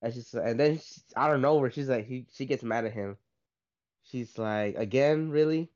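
A man's voice: mid-range voice, normal speed, a little mellow. Young man rambling through a story. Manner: rambling, says "right?" and "like" a lot. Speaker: podcast co-host. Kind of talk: casual storytelling. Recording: slightly dull lo-fi sound.

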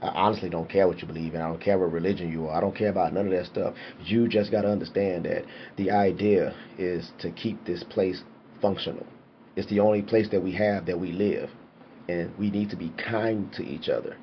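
A man's voice: low voice, fairly even intonation, fairly quick, slight background noise. A young man, a father, talking casually and animatedly to camera, swearing freely and preaching about respect. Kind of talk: casual monologue. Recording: dull lo-fi sound with faint ambience.

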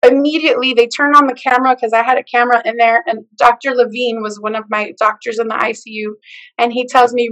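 A woman telling her personal faith testimony in an animated way, acting out the voices of the people in her story. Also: fairly high pitch, moderate pace, low-quality recording. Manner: expressive storyteller who acts out the quoted lines. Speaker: guest sharing her testimony.

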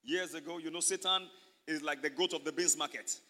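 A man's voice: fairly high pitch, fairly even intonation, a little fast, bright, forceful tone. A male pastor preaching a sermon, emphatic and repetitive, calling out to the congregation for responses. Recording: reverberant hall.

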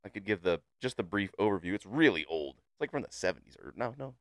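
A man co-hosting a podcast in a casual way, animated and laughing a lot, often stumbling over his words. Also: low-pitched, fast, no echo, studio quality. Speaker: podcast co-host. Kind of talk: casual chat.

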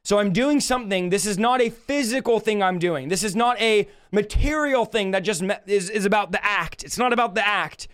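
A man preaching a livestreamed sermon, emphatic and impassioned, slowing down to draw out scripture quotes and rising sharply when he rebukes. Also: sits high, a bit bright. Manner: slows to drawn-out delivery when quoting scripture.

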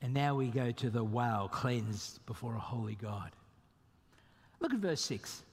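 A man preaching a sermon as pastor, emphatic and animated, with sudden jumps in pitch. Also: unhurried, husky. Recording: long reverb of a hall.

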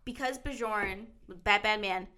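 Young woman podcast host, bright voice, giggly and crude, loves a gory tale. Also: mid-range voice, slow pace. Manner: giggly, crude, animated storyteller. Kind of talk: casual chat, storytelling.

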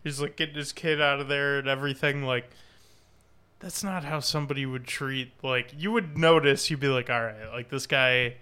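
A man's voice: mid-range voice, steady tone, normal speed, pushed and bright, smooth. A man co-hosting a casual movie podcast, critiquing a film with many filler words. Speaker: podcast co-host. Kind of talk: casual chat.

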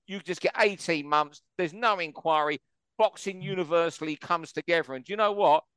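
Male host, slightly higher voice, smooth and clear, dry close sound, emphatic. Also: a little fast, fairly bright tone, no echo. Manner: emphatic, opinionated. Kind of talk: boxing talk show discussion.

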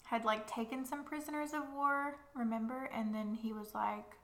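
A woman co-hosting a book podcast in a loose, joking chat, quick to act out how people react. Her slightly high voice rings in a roomy, echoey space. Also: fairly even intonation, fairly bright tone. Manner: quick, jokey, acts out quoted reactions. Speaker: podcast co-host. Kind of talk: casual book-discussion chat. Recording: echoey room.

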